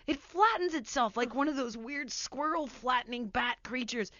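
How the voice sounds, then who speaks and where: A woman talk show host telling a story in a casual, animated way, acting out scenes as she goes. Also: sits high, normal speed, hardly any pauses, no echo, lo-fi sound. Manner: animated, laughs mid-sentence, acts out scenes.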